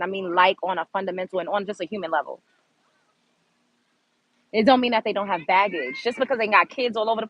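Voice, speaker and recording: A woman's voice: mid-range voice, a bit bright, no room sound, dull audio. A woman from Brooklyn, hosting her own show and ranting bluntly and profanely at her chat. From Brooklyn, New York. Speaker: show host. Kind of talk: unscripted commentary to a live chat.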